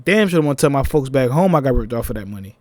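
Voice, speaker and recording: A young man with a Philadelphia accent, telling a personal story in a casual, animated vlog, with laughing asides. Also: mid-range voice, racing, dry recording.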